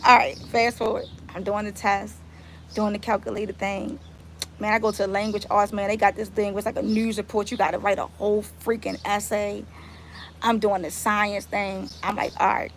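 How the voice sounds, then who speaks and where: A woman, telling a story on a live stream in casual, animated talk and swearing freely. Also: medium pitch, normal speed, a little hiss or hum. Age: 30s. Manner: animated, swears freely, talks straight to viewers. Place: outdoors.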